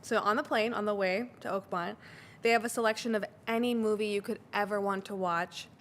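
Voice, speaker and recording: An upbeat woman hosts a casual interview, laughing easily as she spins playful what-if questions. Her voice sits at an ordinary middle pitch. A faint hiss of noise runs under the recording. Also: fairly even intonation, fairly quick. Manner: upbeat, laughs often, sets up scenarios. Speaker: podcast host.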